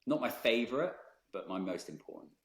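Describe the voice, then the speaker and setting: A man, a brand founder speaking as a guest in a podcast interview, thoughtful and measured with frequent ums. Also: lowish voice, sing-song, roomy sound.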